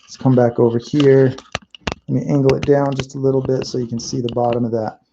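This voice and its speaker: A man's voice: medium pitch, little pitch movement, a little fast, dull audio, background noise. A man chatting casually as he paints live, thinking aloud and correcting himself as he goes. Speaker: mural painter.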